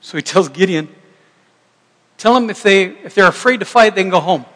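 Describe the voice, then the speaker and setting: A middle-aged man preaches in a high, light voice, talking to his congregation like he's chatting with friends. He jokes and rambles through restarts before building back up. His words ring with a long reverb in a church sanctuary. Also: moderate pace, fairly bright tone. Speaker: pastor. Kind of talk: sermon.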